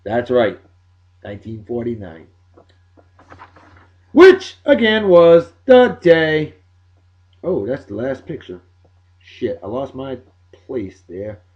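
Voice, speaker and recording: A man's voice: on the high side, muffled recording. A man hosting a casual video blog, brash and joking, with a loose, crude way of talking. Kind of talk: casual chat over music.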